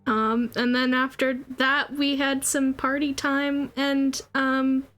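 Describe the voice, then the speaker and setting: Woman gamer, kinda high voice, giggles a lot, chatty. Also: level tone, slow, fairly bright tone, soft background music. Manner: giggly, rambling. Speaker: player. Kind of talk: casual chat between players.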